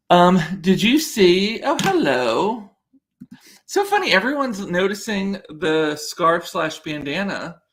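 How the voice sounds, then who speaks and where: A man's voice: on the high side, a bit bright. A man hosting a podcast, chatting casually and rambling, often interrupting himself as he answers viewers. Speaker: podcast host. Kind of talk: casual chat reading viewer comments.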